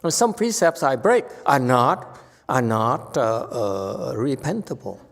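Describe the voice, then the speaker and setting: A male Buddhist teacher giving an animated, emphatic dharma lecture. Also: mid-range voice, slow, gravelly. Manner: animated, emphatic, voices dramatic quotes. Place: temple lecture hall. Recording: long hall reverb.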